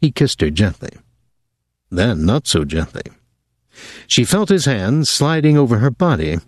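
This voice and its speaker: A man giving a measured, even audiobook narration of a novel. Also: mid-range voice, dry recording. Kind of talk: scripted narration.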